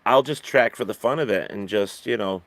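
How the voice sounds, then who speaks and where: A man's voice: fairly low pitch, brisk, fairly bright tone, no echo. A man in casual chat who rambles with restarts and laughs easily.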